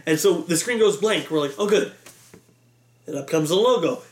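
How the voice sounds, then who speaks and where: A man vlogger telling an animated, exasperated story, acting out a crowd yelling. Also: high voice, moderate pace. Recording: echoey room.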